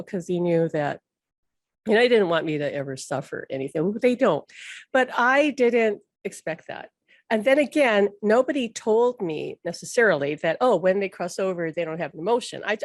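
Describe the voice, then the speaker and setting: A woman's voice: medium pitch, no room sound, studio quality. A woman hosting a casual spoken talk, rambling and chatty, laughing often and peppering her speech with "like". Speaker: host.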